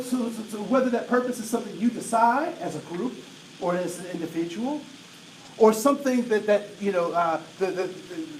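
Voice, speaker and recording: A man in his late forties giving an energetic diversity talk to an audience, often asking "right?" to check in with them. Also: high voice. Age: 40s. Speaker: diversity trainer. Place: large room with an audience. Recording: roomy echo, voice from a distance, faint noise.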